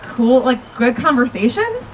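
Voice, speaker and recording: A woman's voice: fairly high pitch, sing-song, a little slow, far from the mic, a little hiss or hum, rough recording. A woman emceeing a backyard comedy show, chatty and upbeat as she introduces the next comic. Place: outdoor backyard stage.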